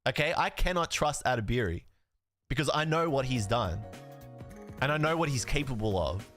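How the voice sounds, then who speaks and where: A man with a bright, forceful voice that swings all over as he tells a story. He is a card streamer chatting casually, acting out the dialogue and cursing for effect. Faint music plays underneath. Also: medium pitch, moderate pace. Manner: animated, swears, laughs, acts out dialogue.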